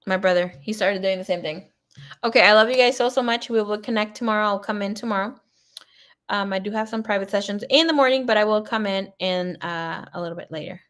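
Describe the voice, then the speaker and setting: A woman tarot reader chats casually on a livestream, spinning rambling, profane stories and laughing often. Her medium-pitched voice is smooth and a bit bright, and she talks fast.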